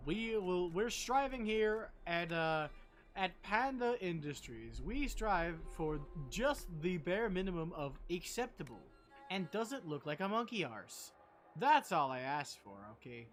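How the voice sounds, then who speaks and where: Streamer, casual gameplay commentary, jokey and foul-mouthed, pitch swinging widely, faint game music underneath. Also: very animated, unhurried. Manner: joking, profane, self-deprecating.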